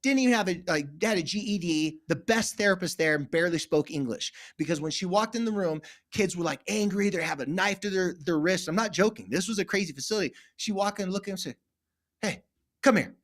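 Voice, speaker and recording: A man's voice: high-pitched, fast talker, few pauses. A man from California, a therapist guest, telling stories animatedly in a podcast interview and acting out the voices in them. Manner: acts out voices in anecdotes, emphatic.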